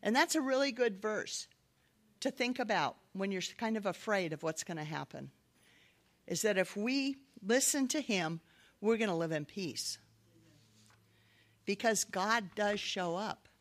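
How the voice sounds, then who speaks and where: A woman's voice: medium pitch, animated, a little slow, long pauses. A middle-aged woman giving a sermon-style personal testimony, telling her story earnestly with light laughs. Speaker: speaker giving a devotional talk.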